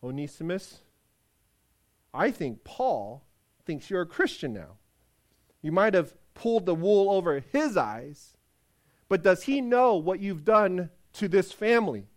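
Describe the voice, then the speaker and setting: A man's voice: high-pitched, sing-song, measured pace. A man doing a stern, outraged house master. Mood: suspicious. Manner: indignant, demanding.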